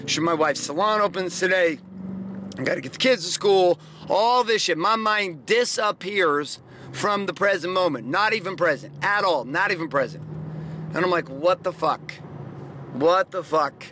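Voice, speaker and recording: Middle-aged male podcast host, bright and high, swearing and rambling through a motivational story. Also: moderate pace, slight background noise. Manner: profane, rambling, emphatic storytelling. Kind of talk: casual motivational monologue.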